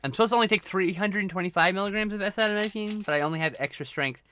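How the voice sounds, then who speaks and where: Bright, rambling male streamer. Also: sits high, rapid-fire, slight background noise. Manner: rambling, self-mocking, swears freely. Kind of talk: casual chat on a live stream.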